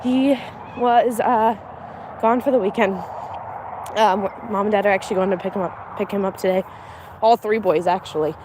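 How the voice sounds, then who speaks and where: A woman's voice: mid-range voice, steady tone, moderate pace, pauses often. A young woman chatting casually on a farm livestream, laughing often and talking to her animals outdoors. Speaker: homestead livestreamer. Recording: faint outdoor noise.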